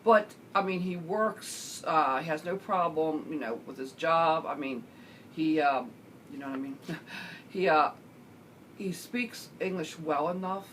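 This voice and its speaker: A middle-aged woman vlogger chatting casually as she answers viewer questions, rambling with lots of fillers and the odd throat-clear. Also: deep voice, measured pace, slight background noise. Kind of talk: casual chat.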